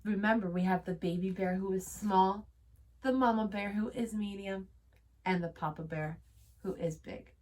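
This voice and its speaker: A woman teacher reading a storybook aloud to children, expressive, gasping and pausing. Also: medium pitch. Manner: expressive, with gasps and pauses. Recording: voice from a distance.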